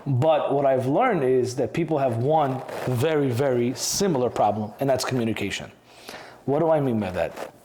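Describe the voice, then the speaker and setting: A man's voice: medium pitch, moderate pace, a little mellow, echoey room, slight background noise. A man in his thirties co-hosting a casual podcast, speaking in a personal, hesitant way with frequent restarts. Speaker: podcast co-host.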